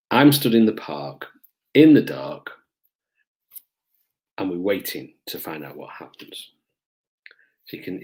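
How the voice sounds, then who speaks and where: Middle-aged man, lowish voice. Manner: relaxed, hesitant with frequent ums, acts out voices in stories. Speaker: police officer recounting his career. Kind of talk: casual storytelling to camera.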